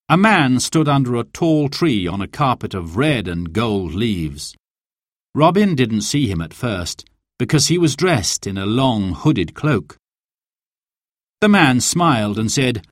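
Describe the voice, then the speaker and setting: A man reading a storybook aloud as narrator, in a slow and expressive way. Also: medium pitch, no room sound, studio quality.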